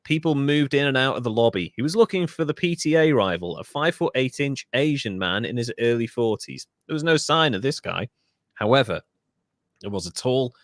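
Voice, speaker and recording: A man's voice: medium pitch, dry recording, clean studio sound. A Welsh man hosting a podcast, telling a true-crime story in a casual way with asides and self-corrections. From Wales. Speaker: podcast host.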